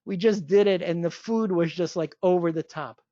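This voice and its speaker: A woman hosting a webinar, giving an enthusiastic sales pitch full of rhetorical questions. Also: moderate pace, dark tone, no room sound. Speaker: webinar host pitching a training event. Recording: dull lo-fi webinar audio.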